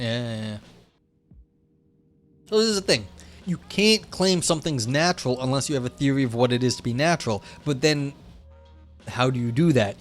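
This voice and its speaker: A man's voice: medium pitch, slight background noise. Man reading philosophy aloud on a livestream. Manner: switches between formal reading and loose, chatty explanation; chats with live viewers between passages. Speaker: livestream host. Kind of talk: reading a philosophy paper aloud with casual commentary.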